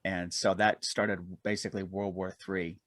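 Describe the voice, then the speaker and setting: A man's voice: sits low, measured pace, dry recording. Laughing, self-mocking storyteller man. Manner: animated self-deprecating storyteller, laughs often. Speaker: guest, aerial cameraman and author. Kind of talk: podcast interview storytelling.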